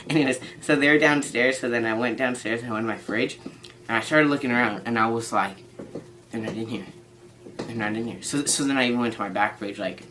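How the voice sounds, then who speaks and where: A man's voice: medium pitch, fairly bright tone, rough recording. Rambling teenage boy vlogging. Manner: rambling, lots of "like", playful. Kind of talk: casual rambling vlog.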